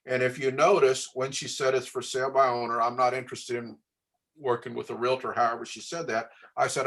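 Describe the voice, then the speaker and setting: Male trainer, even mid voice, talks a class through phone scripts. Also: mid-range voice, a little fast. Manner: coaching, asks the class questions. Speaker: real estate trainer.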